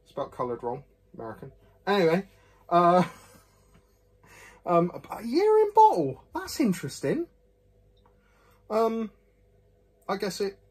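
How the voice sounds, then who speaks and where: A man's voice: high-pitched, husky. A man, casually reviewing a whisky in a rambling, jokey, self-mocking way with many fillers.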